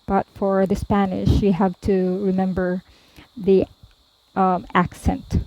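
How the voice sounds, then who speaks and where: A woman tutor slowly explaining verb forms, pausing often and repeating each one. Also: mid-range voice, completely flat delivery, mellow, dry recording, poor audio. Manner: deliberate, repeats each form, frequent "um" and "okay". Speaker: language tutor. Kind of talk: slow explanatory lesson.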